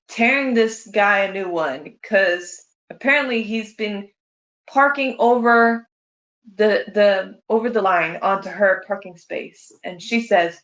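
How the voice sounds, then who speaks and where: Telling her mother funny stories about the family, a woman with a medium-pitched, somewhat bright voice laughs often as she casually reminisces. The room is echoey and the sound dull.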